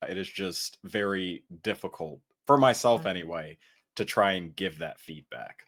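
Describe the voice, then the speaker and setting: A man's voice: low-pitched, normal speed, fairly bright tone. A man hosting a podcast, talking casually and reflectively and asking his guest questions. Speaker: podcast host. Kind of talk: casual interview conversation.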